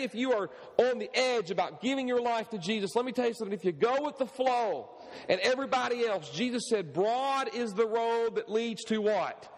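A man preaching a sermon as pastor of his church, with rising and falling delivery and questions tossed to the congregation. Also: sits high. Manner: animated preaching with call-and-response questions. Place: church sanctuary. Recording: long hall reverb.

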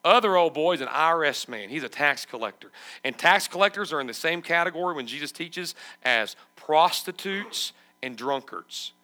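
A man's voice: on the high side, animated, normal speed, bright, forceful tone. A male pastor preaching a sermon emphatically and asking his congregation questions.

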